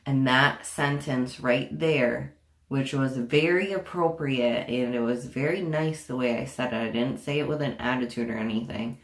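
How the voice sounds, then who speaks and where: A woman's voice: a bass voice, normal speed. A young woman telling a storytime vlog in a casual, profane and indignant way, full of sarcasm. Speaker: vlogger. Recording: echoey room.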